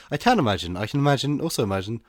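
A man's voice: mid-range voice, very animated, quick pace, no echo. A man co-hosting a podcast with a stuffy nose and head cold, chatting casually with dry, self-mocking banter. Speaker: podcast co-host. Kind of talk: casual chat.

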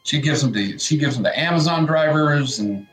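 A man's voice: fairly high pitch, animated, moderate pace, fairly bright tone, roomy sound, faint music behind. A middle-aged man co-hosting a morning radio show, telling a rambling story in casual chat and acting out what his family said.

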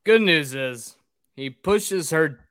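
A man's voice: fairly high pitch, expressive, slow, a bit bright, no echo, clean studio sound. A man hosting a casual drinking podcast, recapping a film plot in a profane, rambling way.

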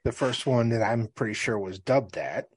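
A man's voice: mid-range voice, moderate pace, husky. A man from the American Midwest co-hosting a podcast, chatting casually and reading aloud, often hesitating and repeating words. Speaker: podcast co-host.

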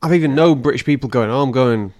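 A man's voice: medium pitch, quick pace, darkish tone. Chatty, teasing male podcast co-host. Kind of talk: casual chat.

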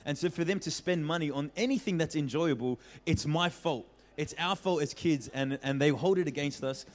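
A young man preaching as a pastor, telling a childhood story with lively acted-out voices and frequent laughter. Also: fairly high pitch, moderate pace. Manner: animated storyteller, acts out voices, laughs often. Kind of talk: storytelling sermon. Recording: reverberant hall.

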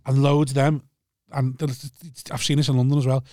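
A man's voice: mid-range voice, flat delivery, brisk, dark tone, dry recording, studio quality. A man comedian from Liverpool with a Scouse accent, chatting casually on a podcast in a blunt way, with swearing and restarts.

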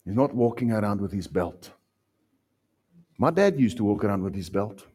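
A South African man preaching a sermon with passion, swinging from loud outbursts to hushed lines. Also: lowish voice, expressive, normal speed, slightly rough. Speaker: pastor.

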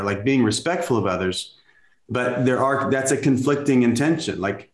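Man of middle pitch thinks aloud in a loose, conversational way, often pausing to restart his sentences. The recording has a roomy, echoing sound. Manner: reflective, searching for words with many restarts. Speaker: podcast co-host. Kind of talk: casual discussion. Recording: echoey room.

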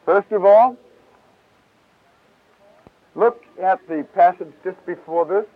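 A man teaching from the Bible in a casual, lively way, acting out the voices in the passages. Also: high-pitched, slow pace, long pauses, dry recording. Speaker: preacher. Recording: tinny, lo-fi 1970s tape.

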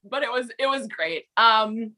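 Woman with a Minnesota accent, high bright voice, lively pitch, giggly, interview guest. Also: measured pace. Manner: giggly, animated. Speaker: guest, author. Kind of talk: casual interview.

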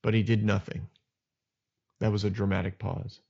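A man's voice: lowish voice, normal speed, gravelly. Lo-fi male podcast storyteller. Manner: animated retelling with acted asides. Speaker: podcast host retelling Bible stories. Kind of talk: casual storytelling. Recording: dull lo-fi sound.

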